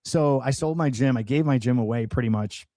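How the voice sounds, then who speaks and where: A man's voice: mid-range voice, fairly quick, warm tone, dry recording. A man, a podcast guest, earnestly telling a personal testimony in conversation, with many restarts and fillers.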